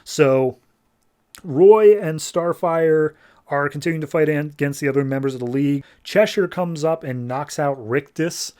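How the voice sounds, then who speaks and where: A man with a voice on the higher side hosts a comics podcast. He recaps the story casually, jokes as he goes, and slips into quick paraphrases of the characters. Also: darkish tone. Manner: loose, joking, quotes characters casually. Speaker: podcast host.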